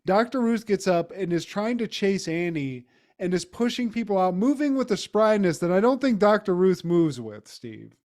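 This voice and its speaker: A man co-hosts a casual podcast and recaps a TV episode. His voice sits a little high. He talks in a loose, rambling way, full of fillers and swearing. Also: big pitch swings, moderate pace, darkish tone. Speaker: podcast co-host.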